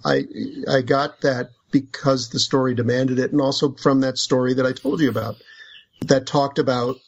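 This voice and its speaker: A man's voice: mid-range voice, steady tone, moderate pace, low-quality recording. A man being interviewed as an author, talking thoughtfully and often restarting his sentences. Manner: thoughtful, with frequent restarts and fillers. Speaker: author guest. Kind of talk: conversational interview.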